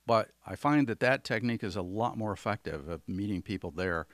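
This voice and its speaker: Man, communication trainer, deep voice, folksy conversational lesson, dry close sound. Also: lively intonation, a little fast, no room sound. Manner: folksy, conversational, explains with homely examples. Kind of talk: instructional talk to camera.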